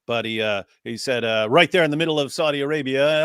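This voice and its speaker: A man's voice: medium pitch, quick pace, hardly any pauses, a bit bright, smooth, dry recording, clean studio sound. A man co-hosting a live reaction stream, talking casually and jokily with frequent restarts. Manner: casual, joking, lots of restarts. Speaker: co-host.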